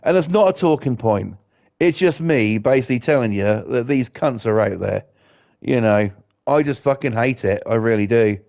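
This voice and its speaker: A man in middle age rants over his gameplay in a loose, wandering way. He swears constantly and gets more worked up as he talks, with a voice of ordinary male pitch. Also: expressive, moderate pace, creaky, darkish tone. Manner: sweary, rambling, fired-up. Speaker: gaming streamer. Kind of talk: ranting commentary while gaming.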